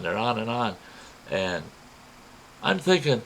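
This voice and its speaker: A man telling a personal adventure story in a folksy, animated way, acting out what others said. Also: low voice, unhurried, pauses often, poor audio. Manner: folksy, animated retelling with quoted voices.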